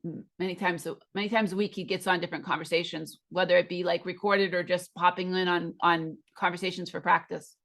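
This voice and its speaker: A woman's voice: lowish voice, fairly even intonation, fairly quick, a bit bright. Chatty American woman teaching English. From United States. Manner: chatty, enthusiastic explaining. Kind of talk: casual conversation on a video call.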